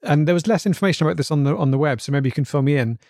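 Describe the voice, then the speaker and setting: A man's voice: on the high side, racing, a little mellow, dry recording, studio quality, close to an everyday voice. Man as a hesitant, polite interviewer. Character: earnest male radio-style interviewer. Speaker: interviewer, presenter. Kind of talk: scripted comedy podcast.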